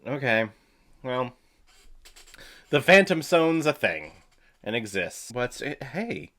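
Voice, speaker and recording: A man's voice: a little high, animated, a little slow, long pauses, fairly bright tone. A man hosting a comedic movie watch-along, making irreverent jokes and swearing. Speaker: host.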